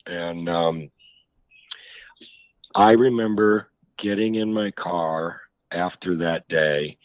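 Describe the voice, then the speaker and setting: A middle-aged man, an author, telling his story frankly in an interview, halting and reflective with many restarts. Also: deep voice, dry recording. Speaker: author guest. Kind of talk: candid interview conversation. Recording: slightly dull lo-fi audio.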